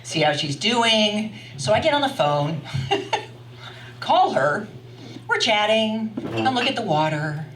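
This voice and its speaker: An older woman telling a story live to an audience at a wine bar, animated and chatty, laughing often as she talks. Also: fairly high pitch, takes it slowly, long pauses, slight background noise. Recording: roomy sound from a distant mic.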